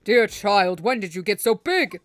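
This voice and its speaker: A woman's voice: mid-range voice, lively intonation, measured pace, close to an everyday voice. Woman putting on a sentimental old chairman. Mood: genial. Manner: grandfatherly, theatrical, sentimental. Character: genial older male committee chairman, sentimental.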